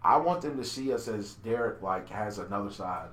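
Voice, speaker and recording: A man chatting casually on a podcast as host and business owner, an animated storyteller who stammers and repeats words. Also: lowish voice, moderate pace, a little hiss or hum. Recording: roomy echo.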